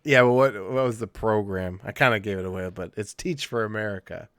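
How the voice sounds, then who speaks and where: A man co-hosting a casual podcast, chatting lively and acting out scenes in quoted voices. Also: on the low side, brisk, dry recording, studio quality. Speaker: podcast co-host. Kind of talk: casual chat.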